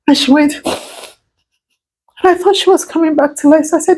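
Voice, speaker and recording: A woman in her thirties telling a painful personal story, slow and halting, tearful at times. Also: sits high, dark tone, poor audio. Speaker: vlogger sharing a personal story.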